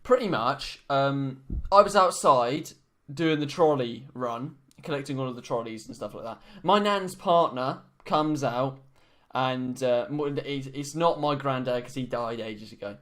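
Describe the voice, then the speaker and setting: A man's voice: medium pitch, a little slow, fairly bright tone. A young man telling a story in casual podcast chat, rambling with many fillers and restarts. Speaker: podcast co-host.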